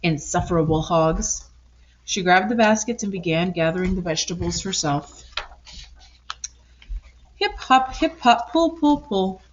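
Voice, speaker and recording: A woman reads a children's storybook aloud, her voice rising and falling with lively expression. The recording is a little dull and lo-fi. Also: mid-range voice, unhurried, long pauses, a little hiss or hum. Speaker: storybook reader. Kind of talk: picture book read-aloud.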